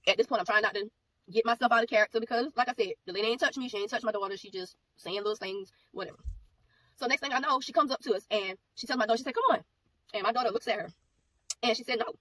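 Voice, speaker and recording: A woman giving a personal testimony, telling the story in a rapid, animated way and acting out the back-and-forth of the exchange. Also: fairly high pitch. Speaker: ministry speaker giving a testimony. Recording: voice a bit far from mic, faint background noise.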